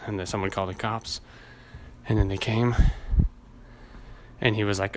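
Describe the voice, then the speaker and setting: The host's voice is on the low side, at a normal speed with frequent pauses and slight background noise. Alone on his podcast and hot and sweaty, he rambles in a casual, profane rant, laughing at his own stories.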